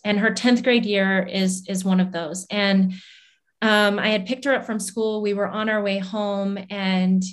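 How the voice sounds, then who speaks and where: A woman hosts a conversational podcast in a plain, mid-pitched voice. She talks in a reflective way, pausing on filler words as she recalls an experience. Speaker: podcast host. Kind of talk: conversational interview.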